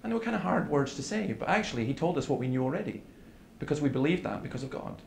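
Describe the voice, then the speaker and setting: A man gives an earnest seminar talk in a gravelly, mid-pitched voice. He tells stories and acts out the dialogue. The sound carries echo from a hall, with faint room noise behind. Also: big pitch swings, fast talker, darkish tone. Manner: earnest, storytelling with quoted dialogue. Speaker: preacher.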